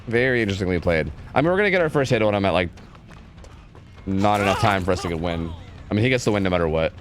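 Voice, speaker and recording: A man's voice: deep voice, expressive, fast talker, faint music behind. A young man from New York streaming a game, talking in a laid-back way with lots of filler words. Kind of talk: casual gameplay commentary.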